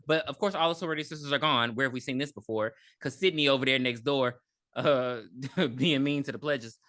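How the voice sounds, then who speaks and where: A woman's voice: rumbling low, fairly quick, fairly bright tone. A woman co-hosting a podcast, chatting and joking her way through a movie recap. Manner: chatty and joking, with many restarts. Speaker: podcast co-host. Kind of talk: casual movie recap chat.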